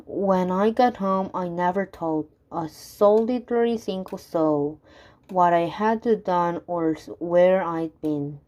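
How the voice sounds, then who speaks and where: A woman reading children's rhyming poems aloud in a measured, rhythmic way. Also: on the low side, darkish tone. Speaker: reader.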